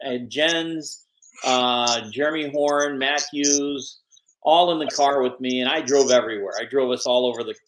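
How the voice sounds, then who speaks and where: An older man, a guest on an interview podcast, telling animated stories and acting out the people he quotes. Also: medium pitch, moderate pace, slight background noise, rough recording. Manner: animated anecdotes, acts out quoted voices. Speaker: guest, MMA promoter and manager. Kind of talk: storytelling interview.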